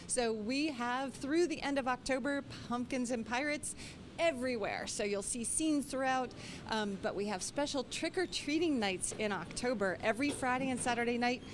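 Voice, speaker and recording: A friendly woman explains her aquarium's seasonal events in a slightly high voice. A faint background hum sits under her. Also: moderate pace. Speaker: aquarium staff guest. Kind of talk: live TV interview.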